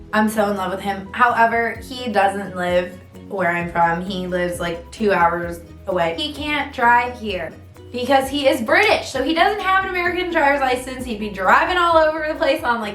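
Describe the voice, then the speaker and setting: This young woman's medium-pitched voice is a bit bright as she vlogs in a casual, chatty way, heavy on fillers, with dramatic ups and downs in her stories. The recording is roomy with faint background music.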